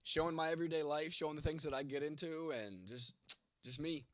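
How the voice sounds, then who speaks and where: A man's voice: on the high side, brisk, bright, forceful tone, dry recording. A man of twenty-nine, congested from a cold and losing his voice, answering chat on a late-night livestream in a blunt, heavily profane way. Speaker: content creator. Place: home at night.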